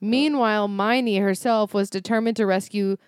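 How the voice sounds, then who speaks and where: A woman's voice: medium pitch, steady tone, normal speed, darkish tone, smooth, no room sound, studio quality. A young woman reading fanfiction aloud for comedy and breaking off with mock annoyance.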